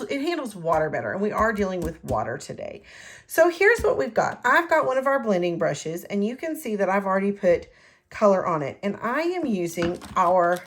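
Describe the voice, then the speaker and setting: A middle-aged woman giving a casual, rambling craft tutorial from her home craft room, correcting herself as she goes. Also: medium pitch. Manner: chatty, rambling, self-correcting. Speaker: card-making demonstrator.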